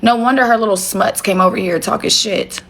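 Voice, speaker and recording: A woman's voice: medium pitch, brisk, fairly bright tone, slight background noise. A woman talking casually and bluntly to viewers on a phone livestream from her home, with plenty of swearing. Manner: blunt, profane, talks straight to viewers. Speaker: livestream host.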